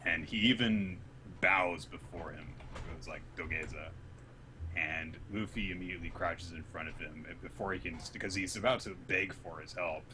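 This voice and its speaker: A man casually recapping a manga chapter, retelling scenes and acting out the characters' lines in an animated way. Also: sits low, normal speed, a little hiss or hum. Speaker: podcast co-host.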